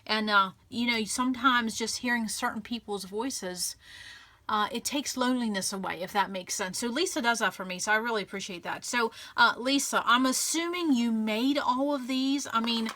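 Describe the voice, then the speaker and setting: Woman vlogger, effusive and grateful, bright slightly high voice, rambling casual crafting chat. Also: normal speed. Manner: chatty with many restarts and fillers. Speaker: scrapbooking channel host.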